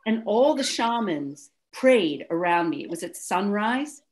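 A woman hosting an interview, gushing with praise and telling animated personal stories in a casual chat. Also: mid-range voice, a little slow. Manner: effusive, storytelling, gushing praise. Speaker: host.

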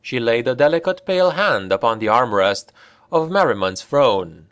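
A man narrating a dark fantasy audiobook in a slow, deliberate and dramatic way. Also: mid-range voice, animated, clear, resonant tone, no room sound, studio quality.

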